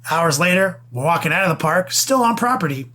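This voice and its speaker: A young man chats on a podcast, rattling off a swear-laden story. His voice sits a touch high for a man. He talks in fast, excited bursts. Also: a little hiss or hum. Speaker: podcast co-host. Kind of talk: casual podcast banter.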